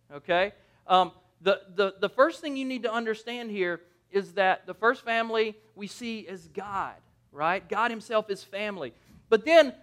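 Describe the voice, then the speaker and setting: High-voiced, chatty man preaching. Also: a bit bright, smooth. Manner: conversational, jokey, asks the audience "right?"; restarts and self-corrections. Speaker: pastor. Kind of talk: sermon.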